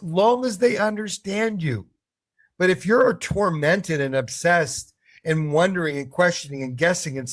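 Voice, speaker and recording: A middle-aged man talking casually to camera as an English confidence coach, telling stories and acting out little voices. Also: on the high side. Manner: animated storyteller who acts out voices.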